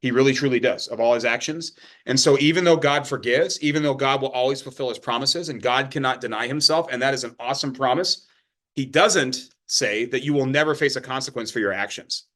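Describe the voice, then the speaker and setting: A man's voice: mid-range voice, fairly quick, a bit bright. A man teaching a Bible study in a loose, conversational way, checking in often with his listeners. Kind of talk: informal sermon teaching.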